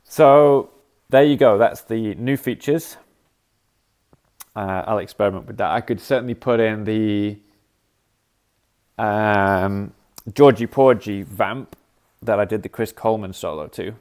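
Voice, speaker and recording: Low-voiced man demoing an app. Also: a little slow, a little mellow. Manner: thinks aloud while clicking, scats rhythms as "da da". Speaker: app developer demonstrating features. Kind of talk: casual live-stream software demo.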